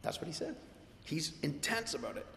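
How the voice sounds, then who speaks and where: A male pastor preaching a sermon in a lively, conversational way, swinging from loud emphatic quotes to quiet, intimate asides. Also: a little high, fairly quick, gravelly. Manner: animated, conversational, quoting with shifting intensity. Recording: echoey hall with long reverb.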